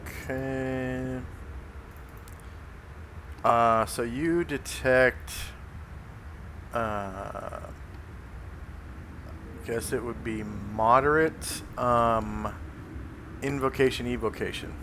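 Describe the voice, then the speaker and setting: A man's voice: medium pitch, very slow, long pauses, background noise. A man running a tabletop game as game master, speaking hesitantly with many fillers.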